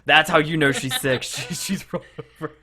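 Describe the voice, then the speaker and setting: A man co-hosting a podcast, chatting casually and retelling scenes with lively acted-out quotes. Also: on the high side, fairly quick, a crowd in the background. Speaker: podcast co-host. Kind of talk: casual chat.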